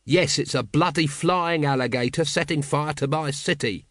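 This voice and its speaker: A man voicing a weary, cynical city watch captain who talks gruffly and impatiently, reading a storybook. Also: on the high side, moderate pace, fairly bright tone, dry recording, clean studio sound, natural voice.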